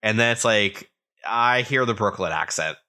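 A podcast co-host with a fairly low, sharp-toned voice walks through a manga chapter by chapter. He keeps it casual and chatty, tossing in jokes and quick voiced quotes as he recaps the plot.

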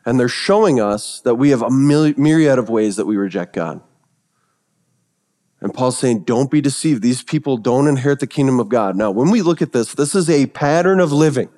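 A male pastor preaching a sermon, telling stories that swing from hushed, reverent passages to excited retellings. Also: mid-range voice, moderate pace, in a large hall.

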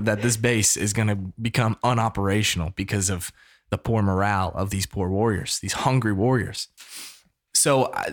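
Lowish-voiced guy in his 30s telling a story, gets all preachy and animated. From United States. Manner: animated, preacher-like call-and-response. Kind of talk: casual storytelling.

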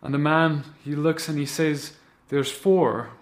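Impassioned preacher man over soft music. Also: a little high, level tone, moderate pace. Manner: impassioned, repetitive exhortation that swells loud. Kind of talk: sermon recounting a vision.

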